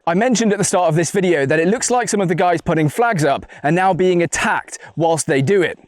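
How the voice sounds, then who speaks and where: A man gives blunt, combative commentary to the camera. His voice sits a little high, and the recording is dry and close with no room sound. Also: brisk, no room sound. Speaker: political video commentator. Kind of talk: scripted video commentary.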